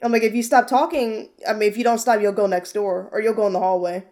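A woman chatting casually over a video call, an animated storyteller who swears freely and mimics kids. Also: medium pitch, fast. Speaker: podcast co-host. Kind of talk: casual chat.

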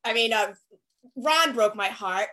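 Woman, co-host, high bright voice, playful, exclaiming, video call. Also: lively intonation, unhurried, a little hiss or hum. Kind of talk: casual chat.

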